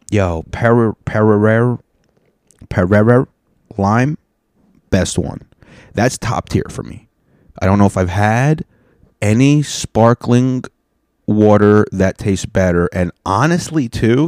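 A comedian talking casually to camera, rambling and joking with plenty of swearing. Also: male voice, deep voice, a little mellow, no echo, clean studio sound. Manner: profane, rambling, jokey.

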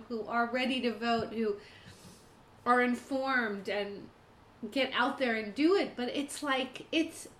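A woman co-hosting a casual chat, emotional and talking fast in bursts. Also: a little high, fairly bright tone. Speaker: podcast co-host. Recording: echoey room.

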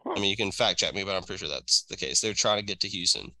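A man's voice: sits low, fast talker, sharp tone, no room sound. A man co-hosting a podcast, chatting loosely about sports with plenty of swearing. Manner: loose, profane, thinks aloud. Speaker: podcast co-host. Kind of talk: casual sports chat.

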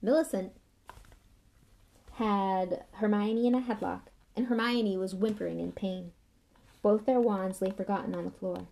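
A woman's voice: medium pitch, unhurried, vocal fry. A woman reading a novel aloud expressively. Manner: lively, expressive storytelling. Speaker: reader.

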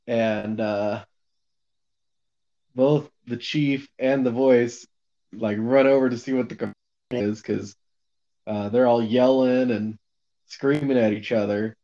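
A man's voice: medium pitch, fairly even intonation, slow pace, long pauses, warm tone, lo-fi sound. A man casually recapping a novel on a podcast, rambling with lots of fillers and the odd swear. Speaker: podcast co-host recapping a book. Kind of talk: casual book discussion.

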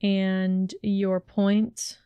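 A woman voicing a sullen, sneering young wizard in a fan fiction audiobook, slow and bored in her delivery, with a smooth, dry sound. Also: medium pitch, flat delivery, warm tone, dry recording. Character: sharp-tongued sneering young wizard man.

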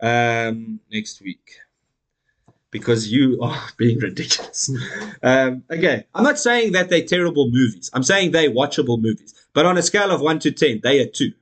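A man's voice: mid-range voice, normal speed, fairly bright tone. A man hosting a podcast in casual chat, emphatic and blunt, who swears and laughs often. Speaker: podcast host.

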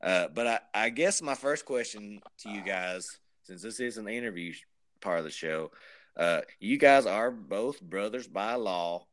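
A man's voice: on the low side, animated, unhurried, a bit bright, no echo. A man hosting a casual podcast, easygoing and laid-back, with frequent uh fillers as he talks. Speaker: podcast host.

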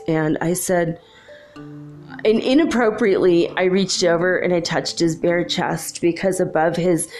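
Woman with a lowish, gravelly voice, telling her own story in a gushing, emotional way over faint background music. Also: darkish tone. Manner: emotional, gushing, rambling with restarts. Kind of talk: casual personal storytelling.

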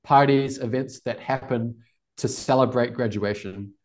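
A man in his twenties with a New Zealand accent, a podcast guest telling stories in a relaxed, rambling way and laughing often. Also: medium pitch, unhurried. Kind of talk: casual storytelling interview.

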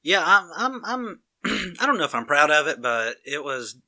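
A man's voice: a little high, sing-song, moderate pace, pushed and bright. A man with a Southern US accent, chatting casually and acting out both sides of a story. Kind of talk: casual chat.

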